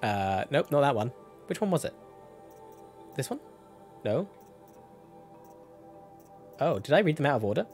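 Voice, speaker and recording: Casting: young male game streamer, mid-pitched, rambling casual chatter. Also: big pitch swings, a little slow, pauses often, a little mellow, soft background music. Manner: rambling, self-correcting, chatty. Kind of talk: casual gameplay commentary.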